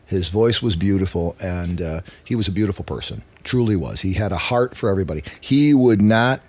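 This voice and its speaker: Deep-voiced man telling animated stories. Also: fairly quick. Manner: animated, swears freely, acts out quotes. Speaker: musician guest. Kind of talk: casual interview storytelling.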